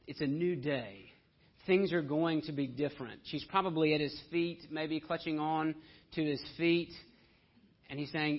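Husky-voiced man preaching a sermon. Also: fairly high pitch, unhurried. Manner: dramatic shifts between soft and loud delivery. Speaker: pastor. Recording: dull lo-fi sound.

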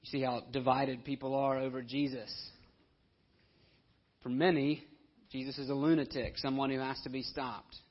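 A man's voice: medium pitch, little pitch movement, moderate pace, long pauses, slightly rough. A man preaching a conversational sermon, now and then acting out the voices of the people in his story. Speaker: pastor. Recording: dull lo-fi audio.

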